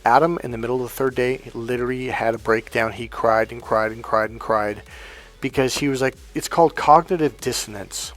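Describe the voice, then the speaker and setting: A male dating coach tells a story in a loose, casual monologue. He swears freely and acts out what people said in a blunt, lively way. His voice sits at an average pitch, and faint music plays softly behind him. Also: fairly quick. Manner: blunt and profane, swearing often; animated, acting out quotes from a story.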